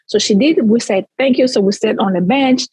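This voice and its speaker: Guest from Central Africa, woman, animated storyteller with a slightly high, husky voice and a dry close sound. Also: a little fast, dry recording, rough recording. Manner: animated, tells stories in long chains of "so". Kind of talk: casual storytelling.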